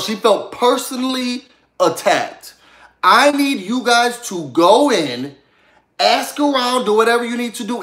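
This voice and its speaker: A man's voice: high voice, a bit bright. A man recapping a reality show in casual, gossipy chat, talking straight to his viewers. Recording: echoey room.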